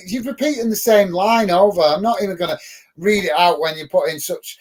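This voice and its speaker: Middle-aged English man, higher-pitched, casual and fired-up football fan host, lots of fillers. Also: fairly quick. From England. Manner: chatty, gets worked up and emphatic, many ums and uhs. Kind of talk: live watch-along chat reading viewer comments.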